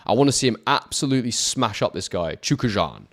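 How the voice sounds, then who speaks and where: A man's voice: medium pitch, expressive. Man doing chatty fight commentary. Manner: chatty, answers viewer chat, quick play-by-play. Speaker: boxing YouTuber commentating a fight. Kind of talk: live watch-along commentary.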